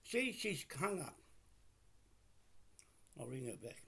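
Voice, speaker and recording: An older man with a New Zealand accent, talking on camera and arguing insistently over the phone, pausing on fillers when calm. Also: fairly high pitch. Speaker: vlogger speaking on camera. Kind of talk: phone argument recorded on camera.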